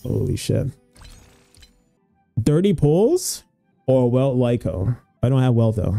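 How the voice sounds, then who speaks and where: A young man streaming his gacha pulls, excitable and swearing, pleading and groaning at each result. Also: medium pitch, slow pace, creaky, no room sound, soft background music. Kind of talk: gacha pull reaction stream.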